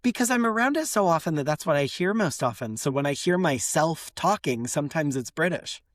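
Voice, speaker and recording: Lively American woman chatting on a podcast. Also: low voice, brisk, no echo, studio quality. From United States. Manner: animated storyteller, slips into voices. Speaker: podcast co-host. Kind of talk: casual chat. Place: lives in London.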